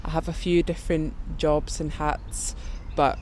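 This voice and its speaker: Community worker chatting outside, relaxed, faint background noise. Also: medium pitch, unhurried. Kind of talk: casual interview. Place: outdoors in a garden.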